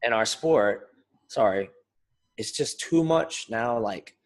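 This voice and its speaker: A man co-hosting a casual podcast, talking in an animated, rambling way and swearing freely. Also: medium pitch, slow pace. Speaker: podcast co-host, fighter. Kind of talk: casual chat.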